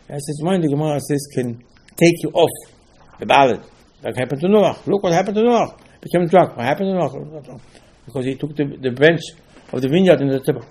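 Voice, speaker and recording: Husky rabbi. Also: male voice, fairly high pitch, darkish tone. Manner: non-native English, halting restarts, rising emphasis. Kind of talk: Torah class sermon.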